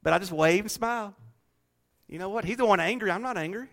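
High, bright preacher. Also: male voice, fast talker, gravelly. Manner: folksy, animated storytelling with laughter. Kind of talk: sermon.

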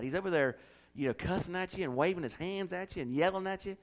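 A man's voice: high-pitched, fast. A man preaching a sermon, telling homey stories with acted-out quotes and building to emphatic passages. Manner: folksy storytelling, acts out quotes, builds to loud preaching. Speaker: pastor.

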